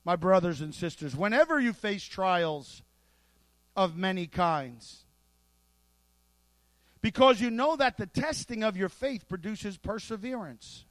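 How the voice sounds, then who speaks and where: A man with a strikingly high voice delivers a sermon, lively and playful, with asides folded into his points. The sound is dry and close, with no room around it. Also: measured pace, long pauses, no echo. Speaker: pastor.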